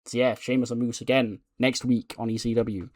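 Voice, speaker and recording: A man's voice: mid-range voice, flat delivery, brisk, darkish tone, no room sound, studio quality. A man casually narrating a game playthrough in a rambling way, laughing often. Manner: rambling, laughing, lots of fillers. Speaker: game streamer.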